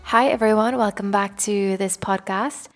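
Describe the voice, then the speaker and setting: A woman's voice: medium pitch, steady tone, normal speed, faint music behind. Chatty, encouraging woman podcast host. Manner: chatty, earnest, encouraging, laughs at herself. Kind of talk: casual self-help podcast talk.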